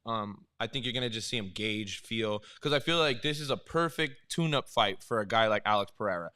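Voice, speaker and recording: A man who coaches martial arts, chatting casually and telling animated stories with frequent laughs. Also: on the low side, a little fast, clear, resonant tone. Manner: animated storyteller, laughs often. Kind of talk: casual watch-along chat.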